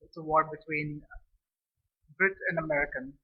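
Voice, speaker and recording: A man's voice: on the high side, level tone, normal speed, husky. A man from India, chatting casually to camera as a food vlogger, rambling and restarting his phrases. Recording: dull lo-fi recording.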